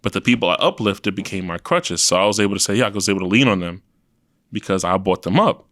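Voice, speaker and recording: A young man with a New York accent, his voice sitting on the low side, tells stories in a blunt, profane way. He breaks into lively quoted lines of what he and his friends said. The sound is close and dry, with no room in it. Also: fast talker, no echo. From Queens, New York. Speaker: podcast guest, event promoter. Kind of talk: casual interview chat.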